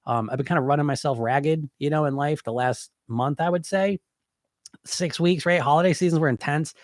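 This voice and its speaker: Speaking at a normal pace in a fairly high pitch, this middle-aged podcast host and hypnotist weight coach sounds congested from a head cold. He fields questions in a casual live stream, blunt and rambling, leaning heavily on "you know." The sound is dry and clean, like a studio.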